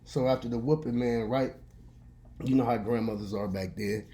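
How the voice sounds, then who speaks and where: Mellow-voiced preachy man telling a story. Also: medium pitch, moderate pace. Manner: preachy, folksy, animated storyteller. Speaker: vlogger and radio host. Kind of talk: casual storytelling monologue.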